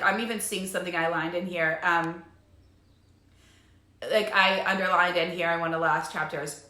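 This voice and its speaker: A woman's voice: on the low side, pushed and bright. A woman talking in a casual live stream as a life coach, bubbly and chatty with lots of fillers. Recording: echoey room.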